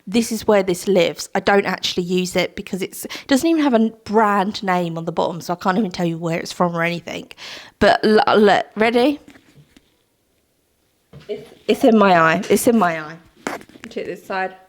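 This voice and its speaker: A woman's voice: medium pitch, moderate pace. A young woman chatting casually to camera at home, sentimental and laughing often. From Britain. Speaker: vlogger. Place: home, indoors.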